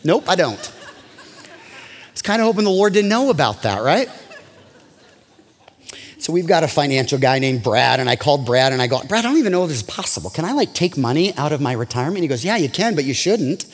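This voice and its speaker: A man preaching a sermon as a pastor, telling a personal story with animated delivery and acted-out dialogue. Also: a little high, a little fast, pauses often, husky, in a large hall.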